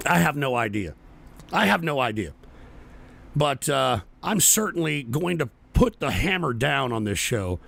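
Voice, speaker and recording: Hoarse male livestream host, gravelly and animated, cursing through an angry political rant. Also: medium pitch, a little slow. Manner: profane, angry ranting at chat. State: hoarse, strained throat. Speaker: political talk show host.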